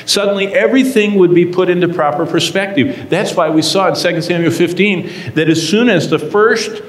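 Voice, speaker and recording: Guy teaching the bible like a sermon, earnest, lots of pauses, big echoey room. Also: sits high. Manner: earnest, emphatic, with dramatic pauses. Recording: echoey room with long reverb.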